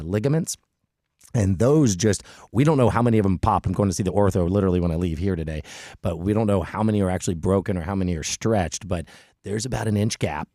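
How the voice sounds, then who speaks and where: A middle-aged man hosting a podcast, telling a story in an animated, chatty way with frequent restarts. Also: sits low, dry recording, clean studio sound. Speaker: podcast host. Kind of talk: casual storytelling chat.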